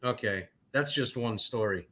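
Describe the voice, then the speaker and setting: With a fairly low, pushed and bright voice, a North Carolina trucker takes his time as a guest on a casual call-in show. He tells stories in an indignant, rambling way, packed with fillers.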